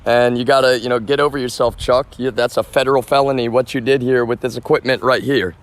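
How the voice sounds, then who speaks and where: A man's voice: medium pitch, steady tone, fast. A man live streaming outdoors from a front yard, talking to his viewers in an agitated, rambling way full of swearing. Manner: agitated, rambling, profane, addresses viewers as y'all.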